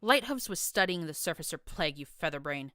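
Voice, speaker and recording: A woman's voice: fairly low pitch, a little fast, fairly bright tone, clear, resonant tone, no room sound, studio quality, natural voice. A woman reading a furious, proud pegasus mare soldier in an audiobook, with a harsh, accusing manner.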